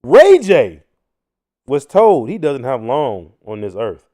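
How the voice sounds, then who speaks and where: Animated man riffing loudly on clips. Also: mid-range voice, slow. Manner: loud, animated, mocking, slangy. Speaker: host. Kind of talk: casual commentary on news clips.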